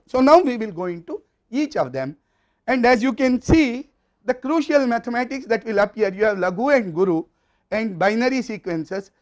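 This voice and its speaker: A man with an Indian English accent giving a university lecture, explaining step by step in a methodical way. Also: high voice.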